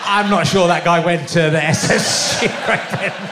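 A man's voice: high voice, steady tone, moderate pace, hardly any pauses, noisy background. A man hosting a comedy interview podcast in front of a live audience, joking in a self-mocking way and laughing often. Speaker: podcast host.

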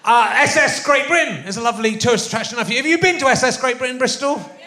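A man's voice: extremely high pitch, fast, background noise. A man hosting a comedy interview podcast in front of a live audience, joking in a self-mocking way and laughing often. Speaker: podcast host.

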